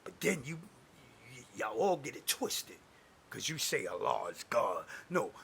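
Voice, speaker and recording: A man delivering an angry, preachy religious rant to camera, cursing and swinging between booming declarations and muttered asides. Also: very animated, a little slow, vocal fry, a bit bright, breathy edge. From United States. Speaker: self-styled prophet posting online videos.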